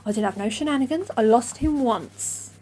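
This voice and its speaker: A woman's voice: on the high side, moderate pace, dark tone, husky. A middle-aged woman telling a long personal story in a casual, rambling, self-deprecating way, acting out her own remarks. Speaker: vlogger.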